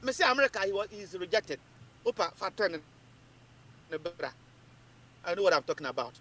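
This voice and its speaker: Emphatic high-voiced Ghanaian man. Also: very animated, fairly quick, pushed and bright. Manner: emphatic and repetitive, mixing English and Twi. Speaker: political commentator. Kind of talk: animated political talk.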